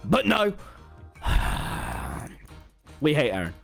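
A man's voice: fairly high pitch, huge pitch swings, drawn-out words, creaky, fairly bright tone, soft background music. A teenage boy with a British accent tells a rambling, sarcastic school story while gaming live on stream, full of mock self-pity. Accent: British English.

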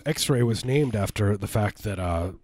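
A man's voice: on the low side, lively intonation, unhurried, darkish tone, no room sound. A man co-hosting a radio show, joking and rambling through a pledge drive. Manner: rambling, absurd improvised jokes. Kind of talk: casual comedic banter during a fund drive.

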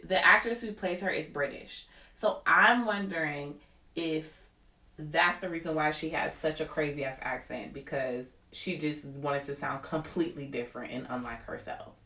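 A woman's voice: low voice, measured pace, roomy sound. A woman co-hosting a podcast, chatting casually and with strong opinions. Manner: animated, opinionated, quotes others. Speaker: podcast co-host. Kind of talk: casual chat.

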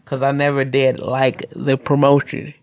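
A man's voice: medium pitch, monotone, unhurried, dry recording. A man who wrestles, hosting a casual podcast monologue, rambling and opinionated, with many restarts.

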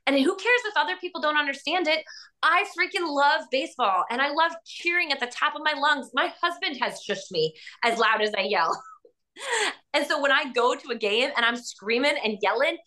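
Bright, higher-pitched chatty woman. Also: normal speed. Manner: rambling and animated, many fillers and frequent laughs. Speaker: podcast host. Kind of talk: casual chat.

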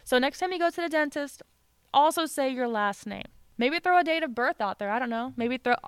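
A woman co-hosting a podcast in casual chat, telling a story with animated quoted voices and frequent laughter. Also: high voice, fairly quick, clear, resonant tone, no room sound. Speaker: podcast co-host.

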